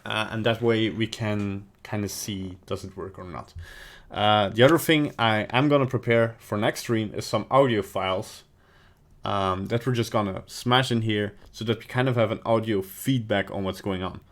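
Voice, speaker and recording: Man, casual livestream talk, rambling, halting, slightly low voice. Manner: rambling, halting, with many fillers and restarts. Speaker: 3D animator streaming his work.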